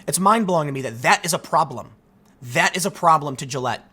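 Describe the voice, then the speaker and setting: A man hosting a commentary show, ranting to his audience in an emphatic, animated way. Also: fairly high pitch, brisk, breathy edge. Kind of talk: opinion rant to camera.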